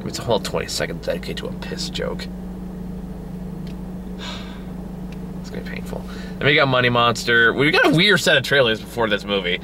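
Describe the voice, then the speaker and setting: A man's voice: mid-range voice, big pitch swings, brisk, long pauses, background noise. A young man co-hosting a casual movie review chat, swearing freely and mimicking characters in silly voices. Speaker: podcast co-host.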